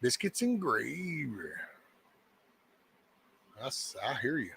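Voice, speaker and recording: A man's voice: mid-range voice, big pitch swings, slow, gravelly, pushed and bright, a little hiss or hum. A man hosting a casual morning chat show who talks in a folksy, meandering, joking way. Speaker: host of a daily live show.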